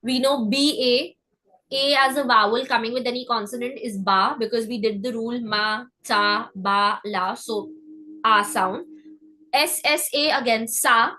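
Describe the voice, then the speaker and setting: Woman teaching pronunciation, higher voice. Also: pushed and bright, slight background noise, poor audio. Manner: breaks words down, repeats them slowly, checks in with "okay?". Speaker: French teacher. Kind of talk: live online class.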